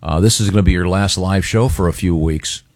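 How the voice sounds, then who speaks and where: A man's voice: deep voice, fairly quick, darkish tone, dry recording, clean studio sound. A man hosting a radio talk show, easygoing, making announcements and reading a listener letter aloud. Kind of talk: casual comedy banter, reading listener mail.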